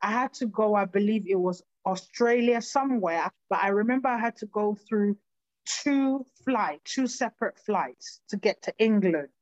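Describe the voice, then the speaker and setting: A woman from Nigeria recounts her past in an earnest, halting voice. She stumbles and restarts as she goes. Her mid-range voice is captured dry and slightly muffled on a lo-fi recording. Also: medium pitch, darkish tone, no room sound. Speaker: personal storyteller. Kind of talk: recounting a personal life story.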